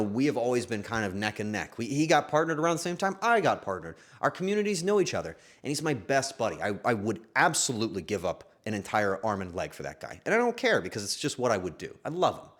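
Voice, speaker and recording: Lively emotional young male streamer. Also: mid-range voice. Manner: emotional, swears often, swings from loud to hushed. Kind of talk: casual stream chat.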